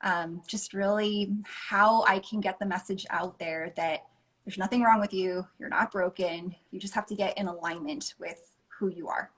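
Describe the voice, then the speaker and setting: A woman's voice: medium pitch, steady tone, normal speed, a bit bright, rough recording. Woman, life coach, interview guest, earnest, enthusiastic, laughs easily. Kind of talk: casual interview chat.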